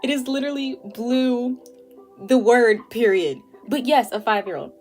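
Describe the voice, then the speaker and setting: Young woman chatting while she draws on stream, lots of likes and laughs, quiet music behind. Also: a little high, normal speed. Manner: chatty, laughs often, many fillers. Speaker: art livestream host. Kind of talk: casual chat while drawing. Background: faint music.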